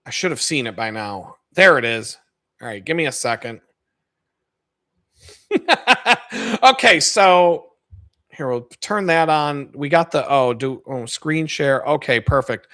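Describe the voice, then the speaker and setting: A man hosting his own video, telling a rambling, profane story with lots of laughter and sudden loud stretches. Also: mid-range voice, expressive, measured pace, pauses often. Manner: profane, laughs a lot, gets loud retelling stories. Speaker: video host.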